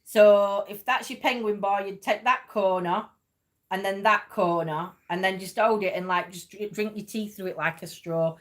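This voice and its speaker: A woman's voice: mid-range voice, fairly even intonation, moderate pace. A woman hosting a livestream, chatting in a rambling way and laughing often. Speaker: livestream host. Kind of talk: casual chat.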